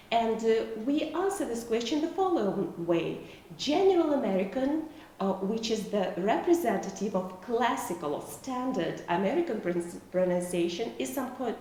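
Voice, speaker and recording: Woman lecturer, Russian native speaker, slow and halting, lively rising and falling pitch, voice far from the mic in a very echoey room with faint noise. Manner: slow, careful explaining with frequent hesitations. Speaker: university lecturer. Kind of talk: video lecture.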